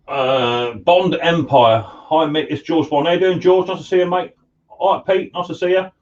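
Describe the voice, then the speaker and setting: Brief: casual workshop streamer, slightly high voice, friendly mate-and-buddy chatter, off-mic. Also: male voice, normal speed, a little mellow, far from the mic, highs cut off. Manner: chatty, greets viewers by name, calls them mate and buddy. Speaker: live-stream host, mower repairer. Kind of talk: casual live-stream chat while working. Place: home workshop.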